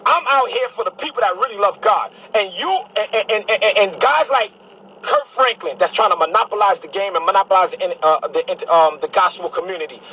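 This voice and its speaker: A man's voice: high-pitched, a little fast, bright, forceful tone, a little hiss or hum, rough recording. A man from Brooklyn, a bishop delivering a heated, combative monologue to camera, repeating his phrases as he preaches. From Brooklyn, New York.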